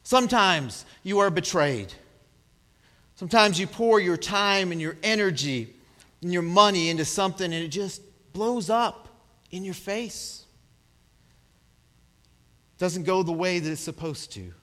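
A man's voice: sits high, a little slow, pauses often, long reverb tail. A man preaching a sermon, chatting with the congregation and acting out scenes as he talks. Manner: conversational, checks in with the congregation; acts out scenes with big swings in loudness. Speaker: pastor.

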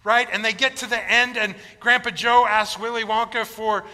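Male pastor, conversational storyteller, high bright voice, long church reverb. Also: steady tone, normal speed. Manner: conversational storytelling, informal asides. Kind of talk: sermon.

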